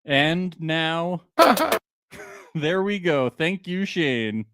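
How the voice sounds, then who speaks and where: A man's voice: on the high side, expressive, drawn-out words, very noisy. A man co-hosting a casual show recap podcast, jokey and laughing often. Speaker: podcast co-host.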